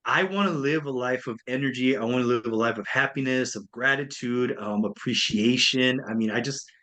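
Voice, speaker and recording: A man's voice: medium pitch, moderate pace, pushed and bright. A man talking as an interview guest, upbeat and enthusiastic in a loose, chatty way. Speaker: guest speaker and coach. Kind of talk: casual interview chat.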